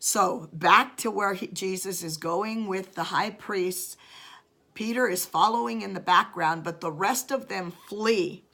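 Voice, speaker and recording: A woman's voice: mid-range voice, unhurried, a bit bright. A woman hosting a devotional video, retelling a scripture passage and preaching about it earnestly, with frequent restarts.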